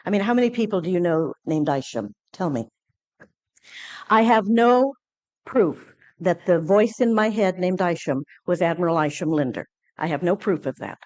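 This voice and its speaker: A woman speaking at a conference, telling a personal story with lively acted-out dialogue and frequent fillers and restarts. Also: on the low side, moderate pace. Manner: animated storytelling, acting out quoted dialogue. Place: conference lecture hall.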